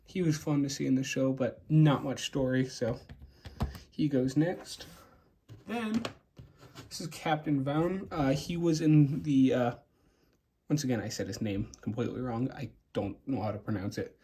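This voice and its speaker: A man's voice: mid-range voice, unhurried, mellow, a little hiss or hum. A young man casually showing and rating his custom toy figures, rambling with frequent fillers and restarts. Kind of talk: casual show-and-tell.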